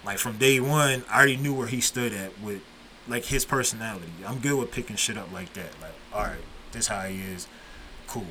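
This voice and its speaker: Low voiced guy w a sharp bright tone, swearing a lot while telling stories, bit of hiss behind. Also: brisk, poor audio. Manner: profane, storytelling, laid-back. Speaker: podcast host. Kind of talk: casual podcast chat.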